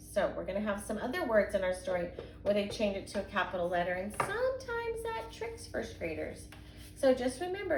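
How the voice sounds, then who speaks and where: A woman's voice: medium pitch, a little mellow. Young woman teacher, patient sing-song phonics voice, roomy echo, faint hum, stretches out sounds for little kids. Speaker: kindergarten and first grade teacher. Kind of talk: recorded phonics reading lesson for young children. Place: home, indoors. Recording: echoey room with faint background hum.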